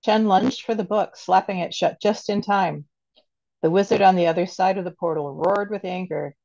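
A woman author reading her fiction aloud in a gentle manner, on a dull lo-fi recording. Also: mid-range voice, normal speed, vocal fry.

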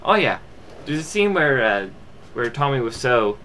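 A young man talks through a movie review off the cuff. His voice is bright and forceful. He wanders, restarts and fills gaps with ums, with faint noise behind him. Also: medium pitch, big pitch swings, normal speed. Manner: rambling, full of fillers and restarts.

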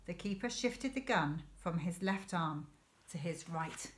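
A woman teacher reading a children's novel aloud in a clear, measured storytelling manner. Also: on the low side, animated, a little hiss or hum. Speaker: primary school teacher.

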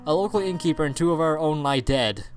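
A man's voice: fairly high pitch, expressive, fast, soft background music, close to an everyday voice. A man voicing a grim soldier reporting trouble to his lord, reading the dialogue plainly. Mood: grave. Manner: plain, matter-of-fact reading of on-screen dialogue.

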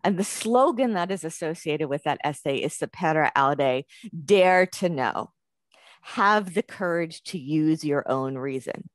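A woman gives an academic lecture, her voice sitting low. She talks in a loose, conversational way, thinking aloud with fillers and restarts. The sound is dry, with no room around it. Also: expressive, measured pace, no echo. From United States.

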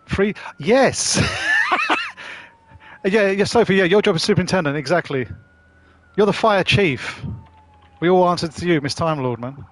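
A man's voice: high-pitched, expressive, a little slow, no room sound. A man, streaming a driving game and bantering casually with friends, swearing as he goes. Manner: chatty, jokey banter with swearing. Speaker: gaming streamer. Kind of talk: casual live-stream commentary.

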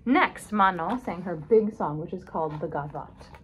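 A woman reading a children's picture book aloud, expressive and stopping to ask her young listeners questions. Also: lowish voice, normal speed, slight background noise, rough recording. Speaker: storybook reader.

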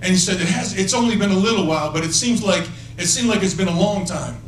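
A man's voice: high voice, expressive, fast talker. A male evangelist preaching prophetically to individuals, emphatic and playful, often repeating "listen" and laughing between points. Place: church conference hall. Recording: echoey hall, mic from far off.

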